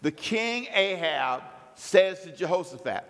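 Male preacher, high and bright, lively storytelling sermon in a reverberant hall. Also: moderate pace, long pauses. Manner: animated storytelling, acts out biblical characters.

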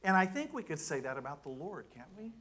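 Man preaching through a lively personal story. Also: a little high, fast. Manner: animated storyteller, voices his own quoted thoughts. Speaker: guest preacher. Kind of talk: sermon storytelling.

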